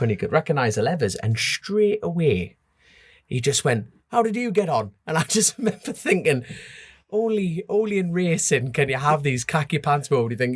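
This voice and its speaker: A man with a North East English accent, a guest telling racing stories in a casual, animated way and laughing often. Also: on the high side, dry recording. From North East England. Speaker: podcast guest, road racer. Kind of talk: casual chat.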